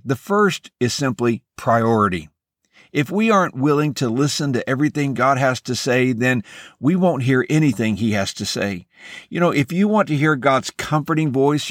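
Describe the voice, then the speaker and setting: A man hosting a devotional podcast, speaking in an earnest, measured and encouraging way as he delivers a scripted message. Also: mid-range voice, dry recording, clean studio sound.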